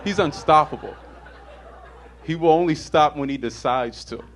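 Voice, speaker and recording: A man's voice: on the high side, moderate pace, a faint crowd, a little hiss or hum. A man doing stand-up comedy in a wry, resigned tone.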